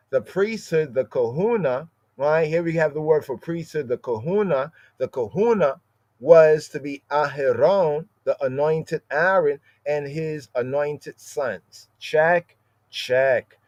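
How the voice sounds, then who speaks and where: A man's voice: on the high side, a little mellow, no room sound. A man teaching a scripture lesson on a podcast, explaining word by word and often checking in with "right?". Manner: explanatory, peppers phrases with "right?". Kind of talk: podcast Bible study lesson. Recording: dull lo-fi dry sound.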